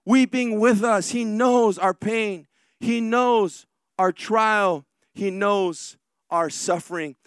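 A man preaching a sermon as pastor, drawing out key lines slowly and rushing through asides. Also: sits high, fairly bright tone, smooth, no room sound, clean studio sound. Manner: preaching with slow, drawn-out emphatic lines and quick asides.

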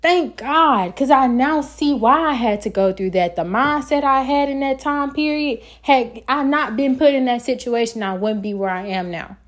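A woman's voice: high-pitched, lively intonation, moderate pace, hardly any pauses. A woman hosting her own podcast, giving an earnest, encouraging self-help talk and sometimes stumbling over her words. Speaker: podcast host.

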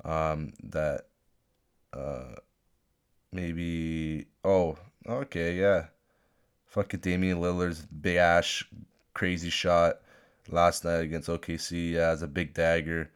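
A man's voice: deep voice, steady tone, slow, pauses often, clean tone. A young man hosting a solo podcast, ranting and rambling with lots of swearing and restarts. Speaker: podcast host. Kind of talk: unscripted solo rant. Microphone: phone.

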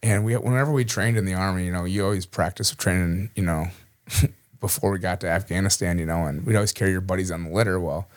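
A man's voice: deep voice, steady tone, quick pace. A man from Minnesota, an army veteran, telling a personal story in a casual way, chuckling often and saying "you know" a lot. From Minnesota, USA.

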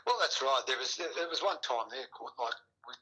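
A man's voice: medium pitch, moderate pace, bright, forceful tone, breathy edge, rough recording. A middle-aged man, a retired rugby player, talking casually as an interview guest, rambling with many restarts and fillers. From Australia.

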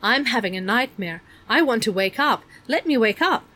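A woman's voice: on the high side, expressive, moderate pace, sharp tone. A scared teenage girl in a storybook, pleading and breathless, as a woman reader voices her. Her lines rise a little above the narration. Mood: frightened.

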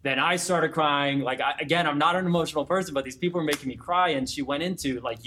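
A young man, a fitness coach, being interviewed and telling client success stories in an animated, conversational way, speeding up in excited bursts with frequent restarts. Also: mid-range voice, quick pace, slight background noise. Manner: animated storyteller, grows excited and emotional when recounting clients. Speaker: fitness gym owner or coach.

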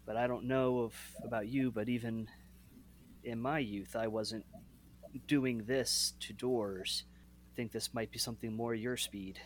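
A man's voice: mid-range voice, fairly even intonation, a little slow, close to an everyday voice. A man playing an earnest young monster hunter who speaks politely to his uncle.

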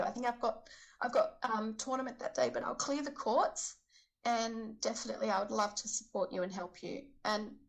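A woman telling a story in a chatty, casual way, lively when she quotes other people's words. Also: fairly high pitch, rough recording. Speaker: charity event organizer.

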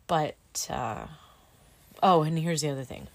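A woman's voice: sits low, animated, a little slow, creaky. A middle-aged woman and student pilot in casual chat, candid and emotional, with plenty of fillers like "like" and "dude.".

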